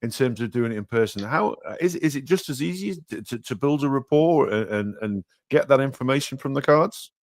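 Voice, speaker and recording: A man's voice: medium pitch, expressive, a little fast, few pauses, dry recording, studio quality. A man hosting a podcast interview, stumbling and repeating words as he asks questions. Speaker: podcast host.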